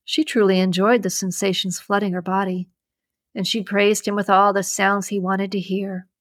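A woman's voice: medium pitch, level tone, moderate pace, no room sound. Woman reading a novel, dry and close. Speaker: podcast host and reader. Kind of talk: reading an erotic thriller novel aloud.

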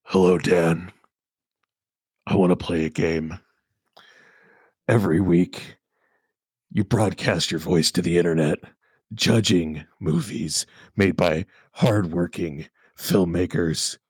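Man doing a deep, low, slow, threatening game-master killer for a podcast gag. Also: darkish tone, husky, no echo, exaggerated voice. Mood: menacing. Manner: slow, measured, threatening delivery. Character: menacing puppet-master killer, slow and ominous. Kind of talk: podcast comedy bit.

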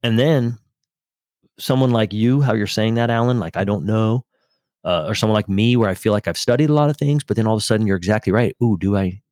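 A man's voice: on the low side, fast talker, no echo, clean studio sound. A man co-hosting a casual faith podcast, telling stories with acted-out quotes and easy laughter. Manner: animated storyteller, acts out quotes, laughs easily. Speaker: podcast co-host.

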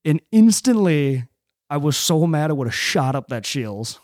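A man from Nebraska telling a story on a casual podcast, profane and animated as he acts out what people said. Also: a little high, a little slow, no echo, studio quality. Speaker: podcast host.

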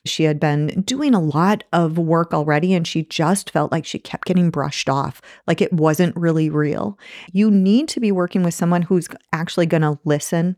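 Encouraging woman with a low voice. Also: darkish tone, no echo, studio quality. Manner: earnest, encouraging, repeats key phrases. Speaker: nurse practitioner and clinic owner, guest. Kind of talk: podcast interview answers.

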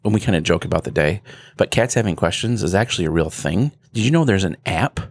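A man co-hosting a casual talk show, relaxed and matter-of-fact. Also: low-pitched, fast, breathy edge, dry recording. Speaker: co-host. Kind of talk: casual chat.

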